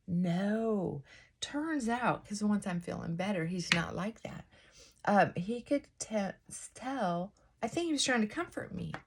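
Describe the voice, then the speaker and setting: A woman hosting a casual get-ready-with-me vlog, reflecting out loud and often asking rhetorical questions. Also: medium pitch, expressive, a little slow, vocal fry, background noise. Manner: musing, asks many rhetorical questions; thinking aloud with frequent restarts and asides. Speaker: vlog host. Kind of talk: casual reflective monologue while getting ready.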